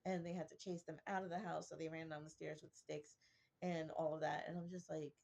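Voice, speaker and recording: Gravelly-voiced woman telling a story. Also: low-pitched, level tone, fairly quick, a little mellow. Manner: chatty, rambling anecdote telling. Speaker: vlogger. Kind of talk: casual storytelling. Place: in her bedroom, sitting in bed.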